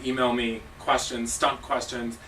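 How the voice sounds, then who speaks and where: A man's voice: medium pitch, little pitch movement, unhurried, pushed and bright. Joking man coaching staff from afar. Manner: casual, joking, emphatic. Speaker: cheer coach and judge. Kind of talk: staff training talk. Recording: distant mic with noisy background.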